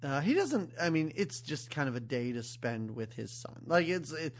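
A woman recapping a movie on a podcast in loose, jokey chat. Her pitch swings up and down with lively energy, and she laughs often and drops into silly voices. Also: normal speed. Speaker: podcast co-host.

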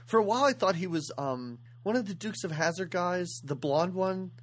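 Husky animated woman chatting. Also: on the low side, normal speed. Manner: animated, wry, quotes characters in put-on voices. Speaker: podcast co-host. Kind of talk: casual chat about a movie.

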